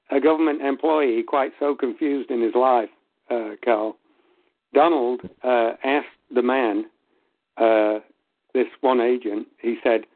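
A man calling into a radio show, telling a story and quoting what each person said. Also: mid-range voice. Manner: storytelling, quotes people, laughs between lines. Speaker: caller. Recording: tinny phone line.

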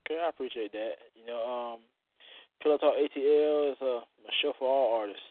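A man's voice: medium pitch, fairly quick. A man hosting a call-in radio show, joking, bawdy and laughing often. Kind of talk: call-in internet radio chat. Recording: phone-line audio with faint hiss.

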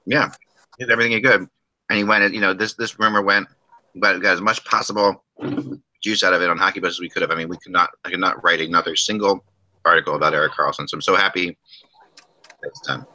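Bright-voiced man hosting a hockey podcast. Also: low voice, fairly even intonation, quick pace, long pauses, poor audio. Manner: rambling, restarts often, joking. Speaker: podcast host. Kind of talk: casual hockey podcast chat.

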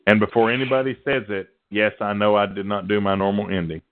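A man's voice: on the low side, fairly even intonation, fast talker. A man hosting a call-in show, joking and folksy in casual chat, heard over a tinny phone-line call recording. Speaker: host.

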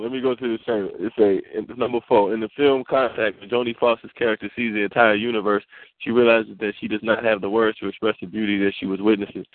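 A man's voice: lowish voice, no echo. A man in a casual chat who reads a discussion prompt aloud and then talks it over. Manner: short agreeing replies, reads notes. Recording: tinny phone-like sound, dry.

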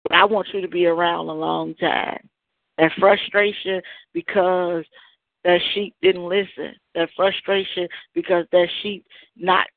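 A woman's voice: lowish voice, no echo. A woman calling in to a church show, speaking emphatically and preachily to encourage the pastor. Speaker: caller. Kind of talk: encouraging call-in testimony. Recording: dry, tinny phone line.

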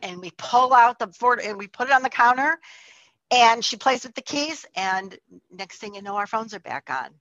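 A woman's voice: a little high, lively intonation, moderate pace, fairly bright tone, no room sound, muffled recording. A woman telling a personal testimony in a chatty way, full of likes and restarts. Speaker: storyteller.

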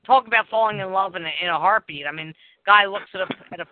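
Excitable high-voiced man on a phone line. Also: fast, no echo. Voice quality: excitable, gushing, laughs often. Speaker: podcast host. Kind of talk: casual chat.

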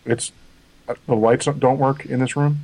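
A man from Pennsylvania, a podcast guest speaking in relaxed, hesitant casual chat with casual swearing, on a remote call mic. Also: mid-range voice, normal speed, low-quality recording. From Pennsylvania, USA. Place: dark room at home.

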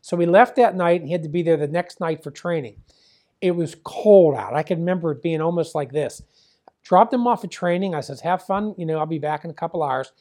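An older man from the Pittsburgh area tells a long family story in an interview. He rambles and keeps reporting back-and-forth dialogue with "he goes" and "I says." He sounds like a plainspoken father remembering things out loud. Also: a little high, fairly quick. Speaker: former wrestling promoter and father.

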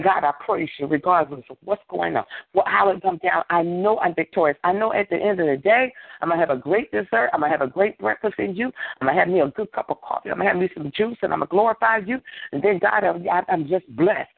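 A man's voice: sits high, expressive, fast, vocal fry, dry recording. A man leading a prayer line, exhorting with a fervent, repetitive preaching cadence over a phone call.

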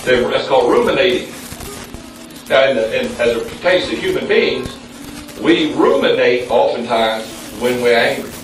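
A man preaching a sermon in a church, calling on the congregation for responses and jumping up in pitch for emphasis. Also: lively intonation, moderate pace, slight background noise. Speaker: pastor. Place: church sanctuary. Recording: very echoey room, mic at a distance.

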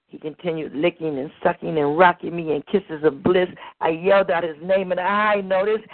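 Woman at an open mic, gravelly, measured rhythmic poetry, phone-like audio. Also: fairly low pitch, steady tone, no room sound. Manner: slow, rhythmic, rhyming delivery. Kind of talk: spoken word poetry performance. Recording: tinny phone-like recording.

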